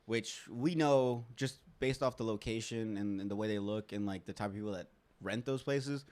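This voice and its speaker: एक युवा पुरुष होस्ट, अनौपचारिक बातचीत में किस्से सुनाता और बातें दोहराकर अभिनय करता हुआ।. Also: male voice, fairly low pitch, moderate pace. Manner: animated storytelling, acts out quotes. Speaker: podcast host. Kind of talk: casual chat.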